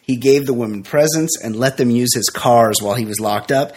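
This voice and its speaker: Chatty man riffing on a comedy podcast. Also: mid-range voice. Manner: laughs while reading, quick banter. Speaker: podcast co-host. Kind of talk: casual comedic chat.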